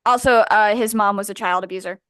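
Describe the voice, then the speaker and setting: A woman's voice: medium pitch, fairly even intonation, brisk, a bit bright. A young woman co-hosting a podcast, casually retelling a book in a rambling, profane, exasperated way. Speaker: podcast co-host. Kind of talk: casual chat.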